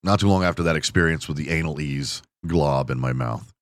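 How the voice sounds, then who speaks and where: A man's voice: very deep voice, a little fast, no echo, studio quality. A man hosting a podcast, telling crude, self-mocking stories in a casual monologue. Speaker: podcast host.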